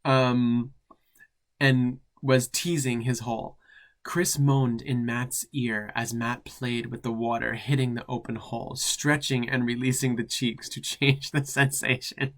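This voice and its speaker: A man's voice: mid-range voice, flat delivery, a little slow, fairly bright tone. Campy drag queen reading with sassy asides. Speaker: drag queen host reading fan fiction. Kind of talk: comedic reading with commentary.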